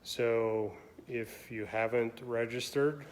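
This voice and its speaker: A man talks casually on his weekly live stream, loose and rambling, often stopping to hunt for words. His delivery is slow and fairly monotone. A faint hum of room noise sits behind him. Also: mid-range voice. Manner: relaxed, rambling, many ums. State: has the hiccups. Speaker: shop owner hosting a weekly live stream.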